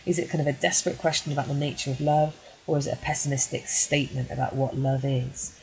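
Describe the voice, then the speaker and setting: A woman with a low voice talks through a poem as a teacher would, reading it first and then explaining it. She is measured and patient, with many small ums between points. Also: fairly even intonation, vocal fry, low-quality recording. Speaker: English teacher. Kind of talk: poetry analysis lesson.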